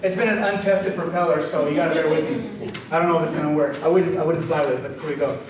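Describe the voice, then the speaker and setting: A man, an author, telling a lively story to a live audience, chatty and animated, leading the crowd in call-and-response. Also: fairly high pitch, quick pace. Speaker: author giving a reading. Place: event hall with an audience. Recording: very echoey hall, far from mic, faint hiss.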